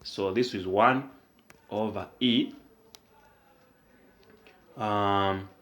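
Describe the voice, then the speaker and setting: Slow, low-voiced man tutoring math. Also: steady tone, a bit bright. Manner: explains step by step with question prompts. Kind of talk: whiteboard math lesson.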